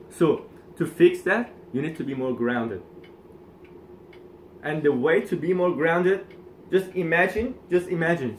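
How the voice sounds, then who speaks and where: A man co-hosting a coaching talk, calmly summarizing and explaining points in casual instructional speech. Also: fairly high pitch, slight background noise. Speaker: co-host coach. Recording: echoey room.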